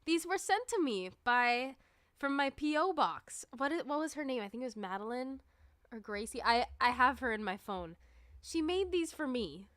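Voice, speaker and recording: A woman's voice: sits high, animated, normal speed, a bit bright, no room sound, studio quality. A woman chatting casually on a livestream, rambling and peppering her talk with "like.". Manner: rambling, chatty, many "like" fillers. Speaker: livestreamer and musician.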